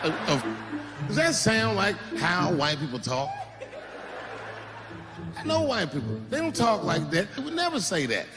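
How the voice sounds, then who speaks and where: A male comedian doing stand-up, telling a story in a punchy, animated way. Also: high voice, measured pace, pauses often, big-room sound, over music.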